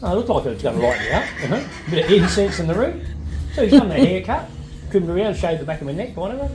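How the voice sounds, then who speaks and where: A man's voice: sits high, big pitch swings, fast talker, over a noisy crowd. A man in his sixties telling a funny story over lunch in a casual, chatty way, acting out the voices he quotes and laughing as he goes. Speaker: family member at lunch. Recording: echoey room with loud music behind.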